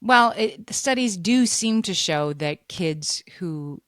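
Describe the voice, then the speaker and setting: A woman in her forties co-hosting a podcast in casual chat, talking quickly and agreeing readily. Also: medium pitch, expressive, fairly bright tone, no room sound, studio quality. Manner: quick, agreeable, and full of quick affirmations. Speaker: podcast co-host.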